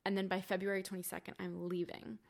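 A woman's voice: mid-range voice, completely flat delivery, fast, gravelly. A young woman, a podcast guest, telling her story in a candid, casual way, swearing freely and saying "like" a lot. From Cuban family.

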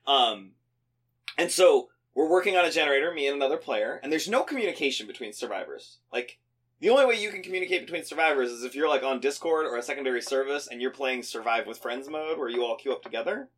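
A young man chatting casually as a podcast co-host, telling animated stories, swearing often and laughing. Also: medium pitch, fast. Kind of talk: casual chat.

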